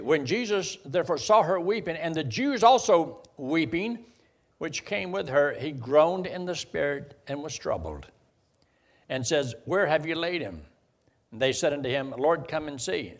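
A man preaching a sermon in a conversational way, building to emphatic bursts. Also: on the high side. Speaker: pastor.

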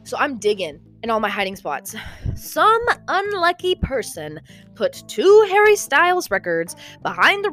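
A young woman, rambling animatedly in a casual vlog and sounding a bit out of breath. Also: on the high side. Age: young adult. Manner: animated, rambling, lots of "okay?" and "like". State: slightly out of breath. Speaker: vlogger.

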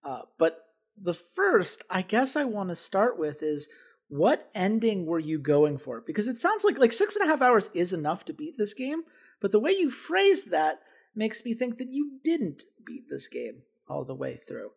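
A man's voice: high voice, huge pitch swings, normal speed, creaky, husky. A man co-hosting a gaming podcast, chatting casually with dry, sarcastic asides. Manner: wry, sarcastic. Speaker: podcast co-host. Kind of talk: casual chat.

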